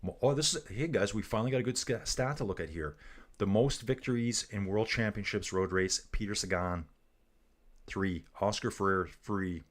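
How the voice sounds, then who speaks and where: Man, lowish voice, livestream race commentator; loose, jokey, chats with viewers. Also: moderate pace. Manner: chatty, jokey, reads viewer comments aloud. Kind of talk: casual live commentary reading chat.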